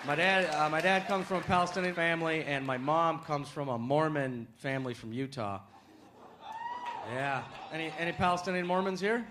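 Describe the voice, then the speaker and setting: A high-voiced American man doing stand-up on a handheld mic, punchy and quick to shout at the payoff. A loud crowd and steady room noise sit right under him in the live club. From United States. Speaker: stand-up comedian. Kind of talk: stand-up comedy set.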